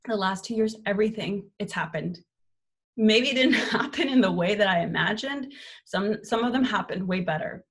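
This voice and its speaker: Here a young woman in early adulthood, working as host and life coach, runs a live online motivational session. Her mid-range voice moves at a normal speed, and her coaching is upbeat, candid, and casually profane.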